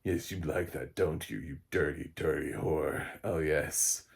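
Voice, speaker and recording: A man's voice: very deep voice, a little slow, gravelly, breathy edge, exaggerated voice. A man voicing a leering emotional-parasite plant with a sleazy, gloating delivery.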